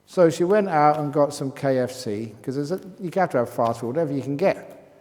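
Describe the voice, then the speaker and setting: A man's voice: a little high, animated, brisk, a little mellow. A man from England, a Buddhist monk, answering retreat questions with humorous stories. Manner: humorous anecdotal storytelling. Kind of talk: Q&A talk at a retreat. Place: meditation hall. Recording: long reverb in a hall.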